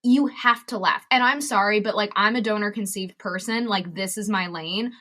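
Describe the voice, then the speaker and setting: Blunt, bright-voiced woman comedian. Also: medium pitch, normal speed. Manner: blunt, profane and emphatic. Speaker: guest, comedian and advocate. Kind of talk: candid podcast interview.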